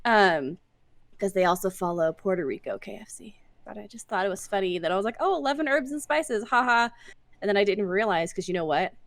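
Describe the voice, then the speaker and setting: A woman's voice: on the low side, quick pace, dry recording. A woman co-hosting a podcast in casual chat, giggly and rambling with lots of likes. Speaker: podcast co-host.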